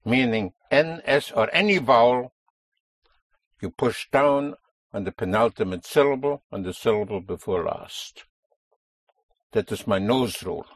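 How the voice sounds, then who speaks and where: A man's voice: medium pitch, expressive, unhurried, long pauses, dry recording. A man teaching a language lesson, explaining a stress rule patiently and stressing key words.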